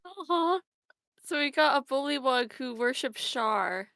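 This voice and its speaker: A woman chats at a tabletop game in a chatty, giggly way. Her voice sits a little high. The sound is close and dry. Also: animated, a little slow, pushed and bright, no room sound. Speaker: player. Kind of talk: casual chat at a tabletop game.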